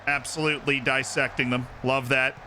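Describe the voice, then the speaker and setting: A male streamer giving lively, excitable commentary on a football management game as he plays live, shouting at his players on screen. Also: medium pitch, normal speed, a little hiss or hum.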